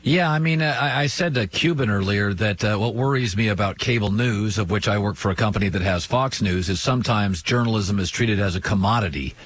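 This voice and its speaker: A man's voice: lowish voice, a little fast, few pauses, a bit bright, dry recording. A man hosting a sports talk show, chatting conversationally and asking his guest questions. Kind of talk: interview conversation.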